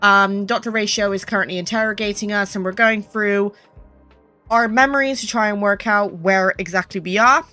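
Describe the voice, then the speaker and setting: A young woman doing chatty let's-play commentary, apologetic and quick to swear. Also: medium pitch, steady tone, bright, forceful tone. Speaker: gaming youtuber. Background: game music.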